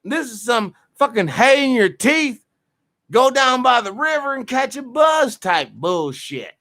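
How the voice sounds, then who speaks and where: A man ranting in raw, profane reaction commentary, his voice high and bright with big swings in pitch. The sound is close and dry, with no room around it. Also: very animated, a little slow, no room sound. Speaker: show host.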